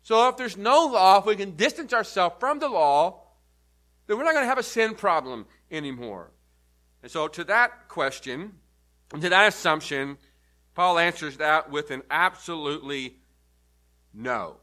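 A pastor delivering an earnest sermon, teaching step by step and leaning hard on key words. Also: male voice, fairly high pitch, animated, normal speed, bright, forceful tone. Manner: earnest, emphatic teaching with repeated stresses. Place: church.

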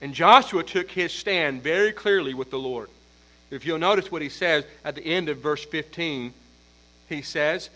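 A man preaching an expository sermon as pastor, emphatic, building force on repeated points and then dropping low. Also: moderate pace, pushed and bright, low-quality recording.

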